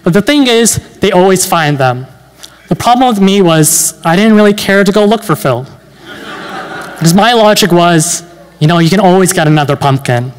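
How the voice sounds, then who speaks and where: Young man doing deadpan stand-up in a hall. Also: high-pitched, moderate pace, smooth. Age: late teens. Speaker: stand-up comedian. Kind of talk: stand-up comedy set. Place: university event hall. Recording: long hall reverb.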